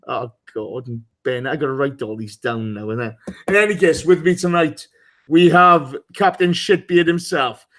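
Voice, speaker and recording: Hosting a casual live football podcast, a man with a fairly high, fairly bright voice speaks at a moderate pace with lively intonation. He ribs his co-hosts, curses without restraint, and calls out listeners by name.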